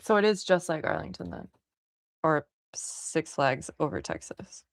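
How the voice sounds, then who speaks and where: A young woman streamer rambling through a story with an easy, gravelly fry. She laughs often and swears casually. Her voice is close and dry on a desk mic. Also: deep voice, wildly swooping pitch, a little slow, dry recording.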